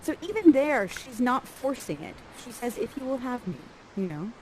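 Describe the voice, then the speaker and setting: A woman coaching actors through a scene, lively and acting out lines for the performers. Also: on the high side, moderate pace, slight background noise, rough recording.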